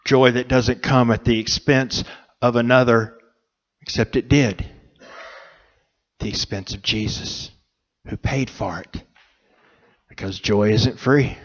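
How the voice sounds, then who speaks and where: Slow, earnest male preacher. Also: mid-range voice, fairly even intonation, muffled recording. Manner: slow, earnest, pausing between phrases. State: emotional, choked up. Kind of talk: sermon. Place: church sanctuary.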